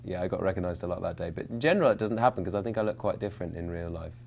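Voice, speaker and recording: A young actor with a notably low voice, chatting through interview questions. He rambles, restarts his sentences and pokes fun at himself, with plenty of fillers along the way. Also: racing, gravelly, darkish tone, slight background noise. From England, London. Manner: rambling, self-mocking, many fillers and restarts. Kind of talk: casual interview answers.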